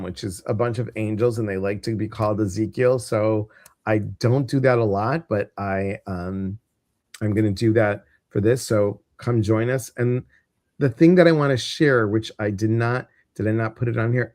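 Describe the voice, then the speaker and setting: A man's voice: mid-range voice, moderate pace, a little mellow, no echo, studio quality. A man with a Midwestern American accent hosting a casual livestream, chatty and rambling with lots of fillers. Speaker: host.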